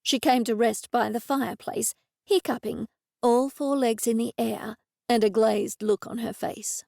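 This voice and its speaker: Female audiobook narrator, first-person, measured, dry booth sound. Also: a little high, fairly even intonation, vocal fry, a little mellow, dry recording.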